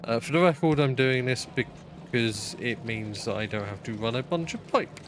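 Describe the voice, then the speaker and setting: A man's voice: medium pitch, moderate pace, background noise. A man streaming a game live, chatting casually while he plays. He rambles, swears freely and mocks himself.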